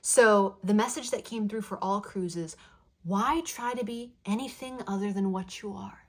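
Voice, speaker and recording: A woman gives a tarot reading in a soft, affectionate tone, speaking straight to the listener. She is playful and warm in her wording and says her affirmations twice over. Her voice sits at an ordinary middle pitch. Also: moderate pace. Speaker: tarot card reader. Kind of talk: spoken tarot reading to viewers.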